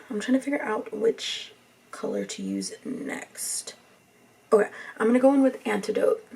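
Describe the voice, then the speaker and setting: A young woman, talking softly through a makeup tutorial in a rambling, near-whispered way. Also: medium pitch, creaky, husky, recorded from a distance. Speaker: beauty vlogger.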